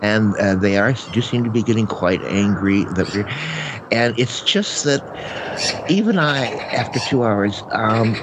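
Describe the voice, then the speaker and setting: A fussy, impatient visitor, as a man puts him on, with a pitch that swoops up and down as he complains. The voice sits in a middling range for a man. Clear background noise runs underneath. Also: animated, measured pace. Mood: exasperated. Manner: exasperated, questioning. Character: impatient, fussy male visitor kept waiting. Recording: noisy background.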